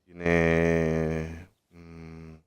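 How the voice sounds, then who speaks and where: Casting: a laid-back Spanish gaming host with a Spain accent, deep and resonant, chatty with fillers. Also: male voice, very slow, smooth, no echo. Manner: relaxed, chatty, hesitant fillers. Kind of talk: casual gameplay commentary.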